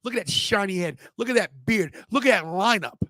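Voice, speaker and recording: A man's voice: sits high, animated, brisk, pushed and bright, no room sound. A man hosting a wrestling watch-party livestream, ranting at his chat with brash, mock-outraged promo bravado. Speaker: podcast host.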